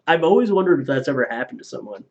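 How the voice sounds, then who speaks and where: A man in a relaxed live-stream chat, reading viewer donations aloud. His talk is loose and profane, and he laughs at his own jokes. The stream audio is a little dull and lo-fi. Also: fairly high pitch, brisk.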